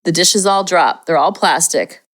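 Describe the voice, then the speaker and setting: A woman's voice: fairly low pitch, unhurried, fairly bright tone. A woman hosting a parenting podcast, giving casual, upbeat advice in a chatty way. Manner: chatty and upbeat, slips into playful acted demonstrations.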